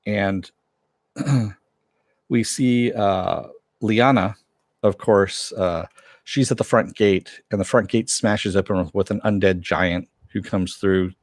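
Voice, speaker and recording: A man with a fairly low voice recaps a TV episode in a loose, rambling way. He fills his sentences with "uh" and "you know" and chuckles as he goes. The sound is dry and close, with no room echo. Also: fairly even intonation, slow pace. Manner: rambling, filler-heavy, laughs often, chats with viewers. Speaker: show reviewer.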